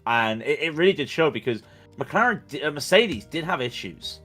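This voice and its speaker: A man's voice: on the high side, expressive, normal speed, a bit bright, soft background music. A man commentating on a sim race in casual chat, rambling and joking with plenty of stammered restarts.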